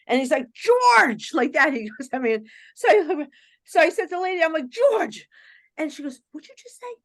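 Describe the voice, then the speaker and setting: A middle-aged woman, a psychic medium guest on a podcast, telling stories in a casual, animated way, often acting out other people's voices and laughing. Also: fairly high pitch, dry recording. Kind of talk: casual storytelling in a podcast interview.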